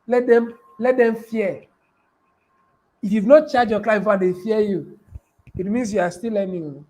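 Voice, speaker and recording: A man's voice: high voice, a little slow, mellow, low-quality recording. A man giving a live motivational business talk, repeating key phrases and asking his audience questions. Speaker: business coach.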